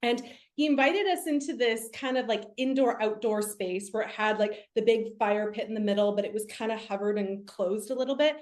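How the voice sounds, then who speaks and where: A woman, a medium and spiritual teacher, tells a story in a lively, casual way over a video call, with many "like" fillers. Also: fairly high pitch, a little fast, hardly any pauses.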